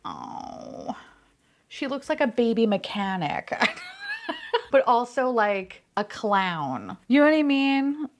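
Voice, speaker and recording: A woman chatting casually while unboxing toys, bubbly and excitable, swearing and laughing often. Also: a little high, slow pace. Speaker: unboxing vlogger.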